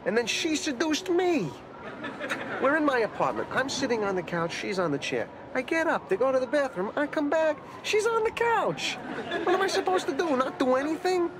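A man's voice: very high-pitched, sing-song, moderate pace, a crowd in the background. An actor playing a neurotic, self-pitying man, talking in anxious, whiny, rambling complaints in a sitcom scene. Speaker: sitcom character. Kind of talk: sitcom acting. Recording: studio audience laughter over background noise.

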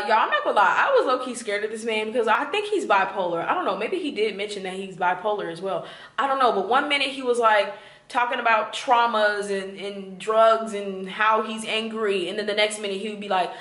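A woman in her twenties telling a storytime story to her viewers, animated and talking straight to them. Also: a little high, a little fast. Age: 20s. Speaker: vlogger. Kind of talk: storytime vlog. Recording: echoey room.

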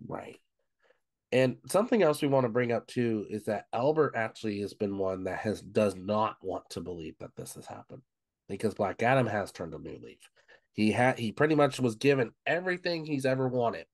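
A man's voice: lowish voice, moderate pace, no room sound, studio quality. A man co-hosting a book club podcast, casually recapping the plot, leaning on "um" and "of course" as he goes. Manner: retells plot with frequent "um" and "of course".

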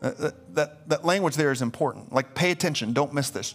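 A man's voice: fairly high pitch, a little fast. Male pastor, raised voice, emphatic sermon delivery, faint music bed. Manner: emphatic, repeats words when excited. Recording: live church stream with faint music.

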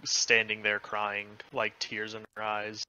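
A man's voice: lowish voice, monotone, takes it slowly, bright, forceful tone. A man running a tabletop game as game master, narrating casually with many fillers.

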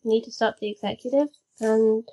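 A woman's voice: a little high, steady tone, fairly quick, mellow, slightly rough, muffled recording. A woman playing a tabletop role-playing game, speaking in a dry, understated way. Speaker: player.

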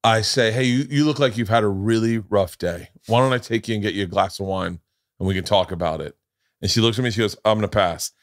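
A man's voice: on the low side, fast, dry recording. A middle-aged man hosting a podcast, telling stories in casual chat and acting out the voices he quotes, with a lot of profanity. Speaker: podcast host.

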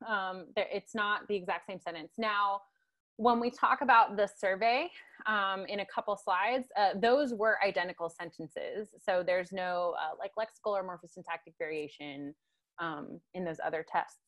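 A woman's voice: medium pitch, normal speed, fairly bright tone. A woman giving a guest lecture over a video call, talking conversationally with many tag questions and fillers. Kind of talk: online lecture.

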